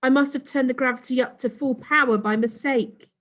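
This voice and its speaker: A woman voicing a cheeky young boy in a children's storybook, excited and often shouting. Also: sits high, brisk, voice pushed up. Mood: smirking. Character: cheeky young boy who loves rockets.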